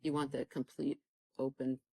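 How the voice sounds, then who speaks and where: A woman's voice: a bass voice, little pitch movement, moderate pace, vocal fry, mellow, dry recording, low-quality recording. Earnest woman giving a fervent faith testimony. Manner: fervent, exhorting, acts out quoted dialogue. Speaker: guest sharing a faith testimony.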